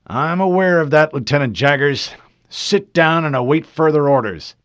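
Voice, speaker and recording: A man's voice: a little high, expressive, normal speed, fairly bright tone, dry recording, clean studio sound, voice pushed up. A man doing a stern starship commander. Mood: commanding. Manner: clipped, commanding orders. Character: stern male starship commander, calm under fire.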